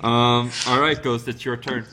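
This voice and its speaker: A man's voice: medium pitch, level tone, normal speed, sharp tone, rough recording. A man narrating as game master in a casual, rambling way, with the odd chuckle.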